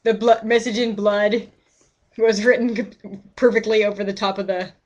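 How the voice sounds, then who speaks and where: A woman streams a game with rambling, chatty let's-play commentary, often cutting herself off mid-word. Her medium-pitched voice is flat, moderately paced and a little mellow, and the recording sounds muffled.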